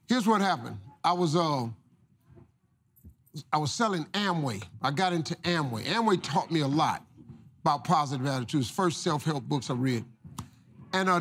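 Middle-aged man, motivational storytelling, folksy and preachy, high voice, big swings in pitch. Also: lively intonation, normal speed, a bit bright, slight background noise. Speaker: guest storyteller.

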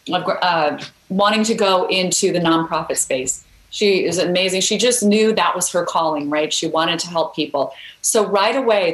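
A woman's voice: lowish voice, roomy sound, low-quality recording. A woman guest author telling a story in a podcast interview, earnest and encouraging.

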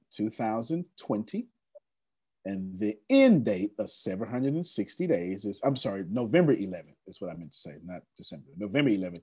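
A man presenting on an online meeting call, excitable and casual, repeating himself for emphasis. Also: on the low side, breathy edge. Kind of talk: animated motivational pitch.

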